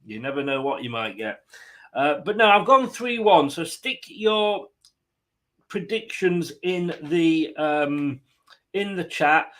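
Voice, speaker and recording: A man's voice: a little high, a bit bright. A man hosting a fan live stream, chatting casually and rambling with jokey asides. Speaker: fan channel host.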